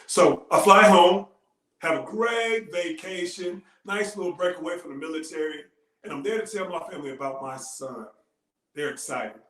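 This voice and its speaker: A man giving a heartfelt motivational talk, telling a personal story with earnest, dramatic pauses. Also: high voice, a bit bright. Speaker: motivational speaker. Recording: roomy echo.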